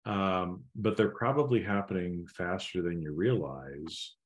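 A man co-hosting a casual podcast chat, relaxed and rambling with many asides. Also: low-pitched, unhurried. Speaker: podcast co-host.

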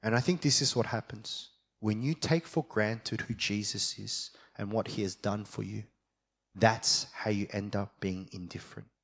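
A young adult man preaching a sermon as a pastor, moving from quiet reflection to fired-up passion. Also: lowish voice, normal speed, gravelly, breathy edge.

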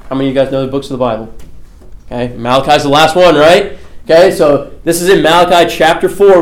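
A man leading a Bible study class in a relaxed way, often checking in with "okay" and asking his listeners questions. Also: medium pitch. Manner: conversational, asks questions, often says "okay". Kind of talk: casual classroom teaching. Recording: echoey room.

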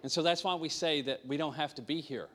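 A man's voice: on the high side, brisk, fairly bright tone, in a large hall. A man preaching to a small congregation, telling his own story in an earnest way and repeating his key points. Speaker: pastor. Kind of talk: sermon testimony.

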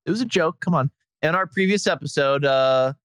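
A man's voice: a little high, a little fast, fairly bright tone, clear, resonant tone, no echo. A man hosting a podcast in casual comic chat, joking and laughing often. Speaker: podcast host.

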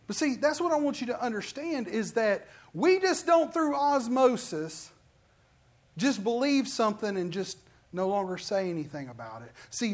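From the pulpit, a pastor with a mid-range voice preaches a lively sermon in a conversational style, repeatedly engaging the congregation with questions and call-outs before launching into emphatic passages.

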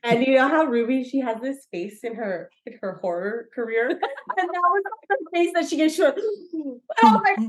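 A woman's voice: high voice, lively intonation, normal speed, roomy sound. A woman chatting as a guest on a video call, rambling, restarting her sentences and giggling. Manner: rambling and self-interrupting, giggly. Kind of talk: casual chat.

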